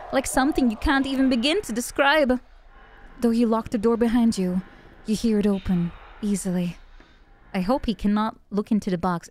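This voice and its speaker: A woman's voice: on the high side, normal speed, a little hiss or hum. A woman streamer, native Dutch speaker, reading horror game text and chatting casually with viewers, often giggling. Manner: chatty, giggly, self-mocking.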